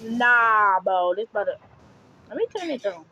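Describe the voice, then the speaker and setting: A young woman recording herself playing a game, talking to viewers and shouting and screaming as she plays. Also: medium pitch, expressive, normal speed, muffled recording. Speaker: gaming video creator. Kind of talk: live gameplay commentary. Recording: faint background noise.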